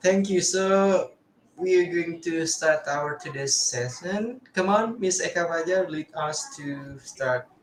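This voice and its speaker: A man, a university lecturer opening an online class over a video call, calm and unhurried. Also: a little high, a little hiss or hum. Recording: echoey room on a video call.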